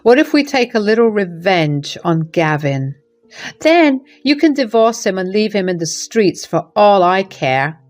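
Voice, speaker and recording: A woman voicing a remorseful middle-aged mother-in-law who speaks gently and apologetically. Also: mid-range voice, big pitch swings, a little slow, faint music behind. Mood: worried.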